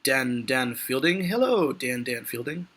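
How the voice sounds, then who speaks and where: A man putting on the voice of a calm, deadpan man living in a snowy cabin. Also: medium pitch, measured pace.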